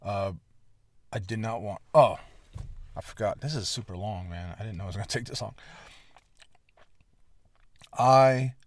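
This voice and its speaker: Low-voiced man telling a story, swearing. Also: unhurried, long pauses. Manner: candid, frequent swearing, rambling asides; lively, emphatic retelling. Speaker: podcast host. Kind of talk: casual storytelling monologue.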